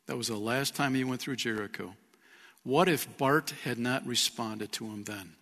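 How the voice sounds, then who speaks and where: A man's voice: mid-range voice, normal speed, sharp tone, big-room sound. A man preaching a sermon as pastor, earnest, speaking with rhetorical questions to his congregation. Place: church sanctuary.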